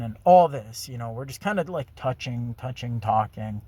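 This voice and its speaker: A man's voice: medium pitch, expressive, moderate pace, few pauses, dark tone, breathy edge, no room sound. A man telling a personal story in a rambling, casual monologue full of fillers and crude language. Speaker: vlogger.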